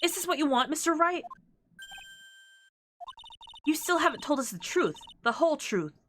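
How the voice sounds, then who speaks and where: A woman voicing a young female defense attorney in a courtroom video game, speaking in a gentle, earnest, reassuring way. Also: high-pitched, big pitch swings, moderate pace, a little hiss or hum, voice pushed up.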